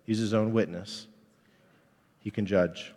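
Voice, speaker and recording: A man's voice: lowish voice, fairly even intonation, takes it slowly, darkish tone, long reverb tail. A man in his thirties, a pastor, preaching a candid, conversational sermon.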